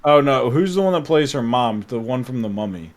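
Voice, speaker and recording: A man's voice: medium pitch, expressive, a little fast, over a noisy crowd. A man in a casual podcast chat, talking in an easygoing way as he gives his opinions.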